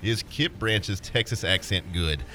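A man hosting a sports talk show, teasing his co-host with quick remarks. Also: low voice, sharp tone, slight background noise.

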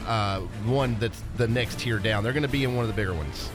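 Quick-talking, laughing male sports cohost. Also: on the low side, over music. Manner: quick, laughing, defensive comebacks. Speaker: sports radio co-host. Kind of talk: casual sports talk banter.

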